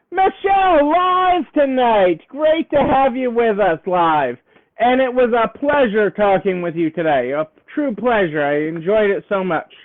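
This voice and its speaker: A man hosting a casual live stream for store owners, upbeat and cheerleading, repeating his phrases and playing up a southern twang. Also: very high voice. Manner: playfully putting on a southern twang. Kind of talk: casual live stream chat greeting viewers. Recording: tinny phone-like sound.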